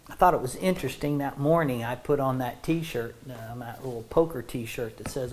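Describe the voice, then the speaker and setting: A woman's voice: rumbling low, normal speed, darkish tone. A woman preaching a sermon to a congregation in an earnest, conversational way, often repeating words as she restarts a thought.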